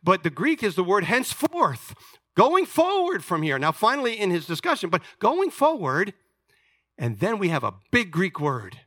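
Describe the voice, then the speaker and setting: A man preaching a sermon, explaining scripture with lively asides and questions to the congregation. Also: fairly high pitch, no room sound, studio quality. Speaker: pastor.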